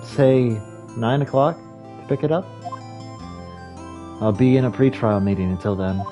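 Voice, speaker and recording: A man's voice: medium pitch, measured pace, over music, lightly acted. A man reading as a composed woman lawyer. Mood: calm. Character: calm, composed woman lawyer, older sister.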